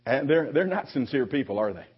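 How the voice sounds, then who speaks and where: A man preaching a sermon to his congregation, conversational, with frequent restarts and lively quoted voices. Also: medium pitch, a little fast, slightly rough. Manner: conversational preaching with repeated restarts, animated quoting. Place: church sanctuary. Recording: dull lo-fi recording.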